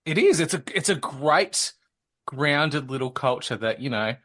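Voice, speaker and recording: A man's voice: fairly high pitch, expressive, a little slow, a bit bright. Joking Australian man hosting a podcast. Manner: joking, laid-back storyteller. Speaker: podcast host. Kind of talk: casual podcast chat.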